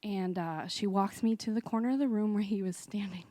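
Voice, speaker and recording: A woman's voice: mid-range voice, fairly quick, warm tone, dry recording, studio quality. A woman telling a personal story live on stage, chatty and laughing often, with lots of fillers.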